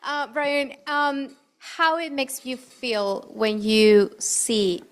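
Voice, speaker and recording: A woman moderating a panel, asking questions in a halting way while searching for words. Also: high-pitched, clean tone.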